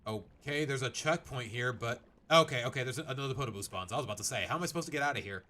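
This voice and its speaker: A man's voice: mid-range voice, quick pace, bright, forceful tone. A man giving let's play commentary. He rambles, thinks aloud and pokes fun at himself. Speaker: gaming streamer. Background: faint game music.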